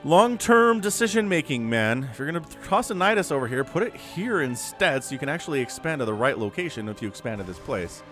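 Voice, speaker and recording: A man's voice: a little high, sing-song, brisk, hardly any pauses, fairly bright tone, soft background music. A man casting a strategy game match solo, chatty and analytical, often rambling off topic. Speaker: esports caster.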